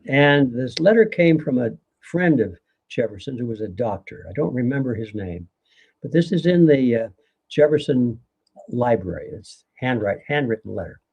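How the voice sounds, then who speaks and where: A man's voice: medium pitch, lively intonation, normal speed, creaky, darkish tone, husky. An older man, a guest author in a live conversation, speaking earnestly and lecturing, with occasional laughs.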